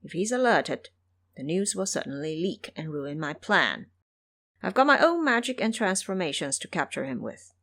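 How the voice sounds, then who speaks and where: Woman doing a sly young demon lord, calm and calculating, lowish lively voice, audio drama. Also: moderate pace, exaggerated voice. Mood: scheming. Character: scheming young male demon king.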